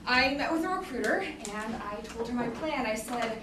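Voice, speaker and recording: A woman's voice: a little high, expressive, normal speed, hardly any pauses, very noisy. A young woman in her twenties performing a self-deprecating comic monologue on stage, rambling and laughing often. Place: theater stage with audience. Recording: echoey theater, mic far off.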